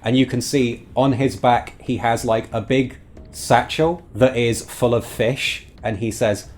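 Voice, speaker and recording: A man's voice: mid-range voice, steady tone, unhurried, a little mellow, faint music behind. A man narrating as game master of a tabletop game, thoughtful with many fillers.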